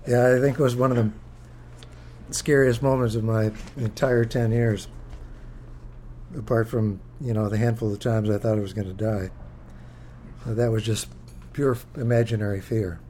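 A man reading from his own book to a live audience, with halting, thinking-aloud asides between passages. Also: fairly low pitch, steady tone, dark tone, a little hiss or hum.

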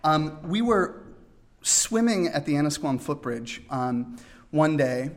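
A man's voice: fairly high pitch, expressive, slow pace. A middle-aged man telling a personal story in a conversational way, with fillers and amused asides.

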